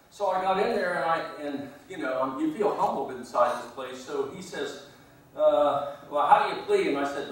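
A man's voice: fairly high pitch, fairly bright tone. A man, a guest speaker at a meeting, telling a long rambling anecdote and chuckling at his own story. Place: meeting hall. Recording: echoey room from far off.

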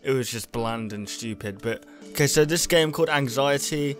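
A man's voice: medium pitch, normal speed, soft background music. A young man, commenting as he plays a horror game on a headset mic and talking to himself as he gets easily startled. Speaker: gaming YouTuber.

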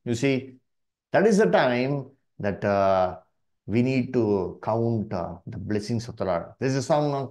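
A man with an Indian English accent leads a Bible study in a sermon style, his voice rising and falling in wide swings. He takes his time and pauses often, filling the gaps with "uh" and "you see", and keeps calling the listeners "dear brethren". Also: mid-range voice, lively intonation, a little mellow. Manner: slow, halting delivery with many "uh" and "you see" fillers.

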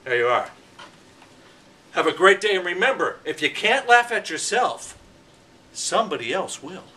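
Middle-aged male host, rambling joke teller, bright tone, recorded from a distance. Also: sits high, lively intonation, normal speed. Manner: rambling with many "you know" fillers. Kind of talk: casual joke telling. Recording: voice from far off the mic.

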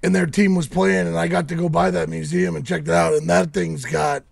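A middle-aged man co-hosting a podcast, excitable and gushing as he talks about cars. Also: fairly high pitch, fairly quick, creaky, no room sound, clean studio sound. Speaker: podcast co-host.

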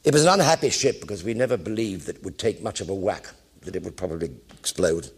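An older English man in his seventies spins war stories on a theatre stage in a one-man show. His voice has a gravelly rasp, and his pitch swings widely as he acts out each person in the tale. He is a vivid, theatrical raconteur. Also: lively intonation, fast talker. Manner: vivid raconteur, acting out every voice. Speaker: entertainer telling stories on stage.

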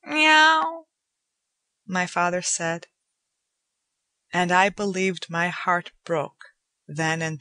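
Slow, low-voiced woman narrating a story. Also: fairly bright tone, no echo. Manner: slow, measured, somber storytelling. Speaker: audiobook narrator. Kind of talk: scripted narration.

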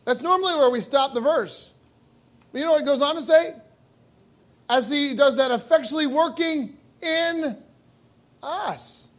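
High-voiced pastor preaching a sermon. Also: male voice, unhurried, pauses often. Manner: emphatic preaching with rhetorical questions. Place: church sanctuary.

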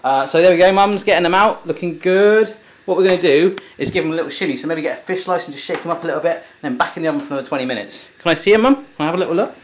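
A man's voice: a little high, rapid-fire, a little hiss or hum. A young man hosting a cooking video in a home kitchen, chatty and teasing as he talks through the steps. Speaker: cooking show host. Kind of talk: casual cooking chat.

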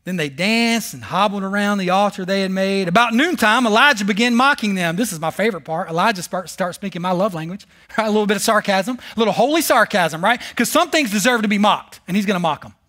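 High, bright-voiced preacher man. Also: quick pace. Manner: animated storytelling with sarcastic humor. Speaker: pastor. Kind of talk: sermon. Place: church service.

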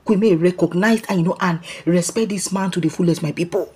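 A Nigerian woman giving animated celebrity gossip commentary in a mix of Pidgin and English, often calling out to her people. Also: on the low side, brisk, husky. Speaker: gossip vlogger.

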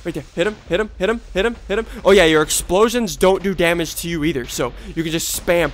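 Male gaming host, stuffy and congested, high-pitched and very animated; yelps and trash-talks through live commentary. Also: fast, few pauses, slight background noise.

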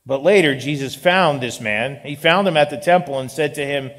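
A male pastor preaching a sermon in an animated style, with joking asides. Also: medium pitch, normal speed, few pauses. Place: church sanctuary. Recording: long reverb of a large hall.

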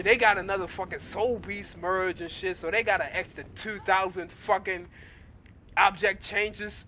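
Gamer guy, high bright voice, ranting, profane, exasperated, laughs through the anger. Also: a little hiss or hum. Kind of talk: angry gaming rant.

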